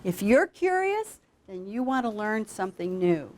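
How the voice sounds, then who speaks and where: A woman teaching a class of students how to read aloud to young children, with an animated, coaxing teacher's voice. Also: medium pitch, measured pace. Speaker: literacy program founder teaching students.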